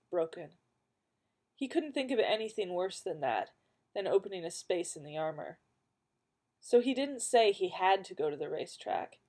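A woman narrates an audiobook at a measured pace. Her voice is slightly low, with a warm, mellow tone.

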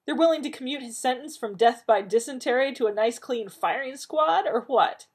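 A woman's voice: mid-range voice, very animated, unhurried, slightly rough, voice pushed up. A woman reading aloud, voicing a sarcastic, fretful man with snappy, rising exclamations.

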